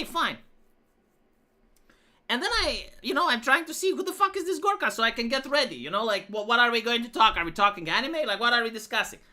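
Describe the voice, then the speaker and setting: A woman's voice: high-pitched, sharp tone. A woman live streamer telling a rambling, profane story in casual chat, full of fillers and restarts. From Romania.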